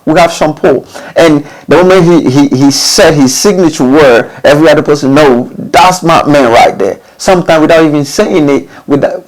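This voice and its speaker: A man giving informal advice to recording artists, often restarting phrases and asking rhetorical questions. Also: poor audio. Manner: repetitive, restarts phrases, rhetorical questions, lively pitch swings. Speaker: music studio instructor.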